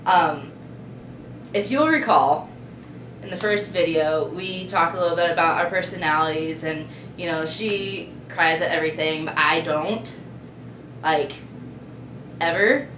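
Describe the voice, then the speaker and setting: Slow-talking low-voiced young woman. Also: fairly bright tone. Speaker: vlog co-host. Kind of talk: casual storytelling. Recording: echoey room with faint noise.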